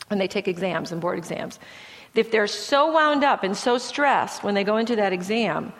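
A woman's voice: mid-range voice, in a large hall. A middle-aged woman giving a slide lecture on chronic pain from a Christian view, talking in a conversational, emphatic way and acting out inner thoughts.

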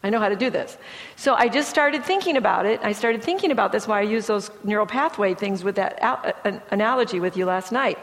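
A middle-aged woman from Michigan, a therapist, tells a personal story to a church audience. Her voice sits at a mid pitch, lively in the funny parts and softer in the serious ones. The sound carries a long reverb from a large hall. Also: fast talker. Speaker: therapist speaking at a church event. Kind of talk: personal testimony talk.

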